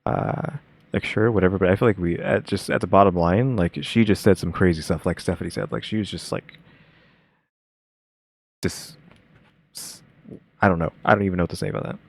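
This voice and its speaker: A man's voice: deep voice, fairly quick, gravelly, long pauses. A man co-hosting a casual reaction chat, rambling with lots of filler words. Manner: rambling, many fillers and restarts. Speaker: co-host reacting.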